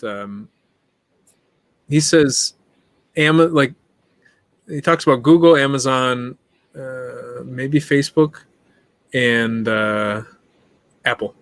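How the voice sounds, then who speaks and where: A man speaking as a podcast guest in casual conversation, animated and quick to list examples, laughing often. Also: mid-range voice, no echo.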